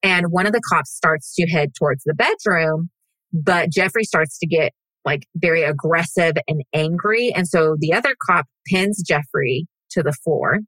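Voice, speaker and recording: Profane, animated woman storyteller. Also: sits low, moderate pace, no echo, poor audio. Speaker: podcast host. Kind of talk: casual true-crime storytelling.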